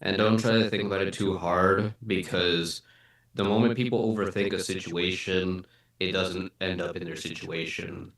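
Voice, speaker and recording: A man's voice: low-pitched, steady tone, normal speed, a bit bright. A man chatting casually in a group meeting, rambling loosely with fillers. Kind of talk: casual chat. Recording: echoey room, far from mic.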